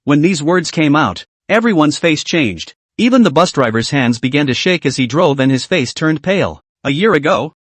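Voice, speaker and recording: A man narrating a comic story recap, reading every character's lines in one steady narrating voice. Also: a little high, normal speed, few pauses, no echo.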